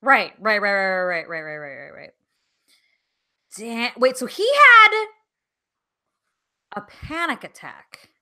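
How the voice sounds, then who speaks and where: A woman co-hosting a podcast with a fairly high, very lively voice that swings widely in pitch. She reacts in an animated way, swears casually and laughs often. Her tone is bright and forceful. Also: takes it slowly, long pauses. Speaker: podcast co-host. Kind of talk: casual chat.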